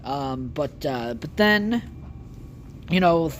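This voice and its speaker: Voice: mid-range voice, lively intonation, takes it slowly, a little hiss or hum. A podcast host giving a casual, rambling movie recap, with heavy swearing and lots of filler words.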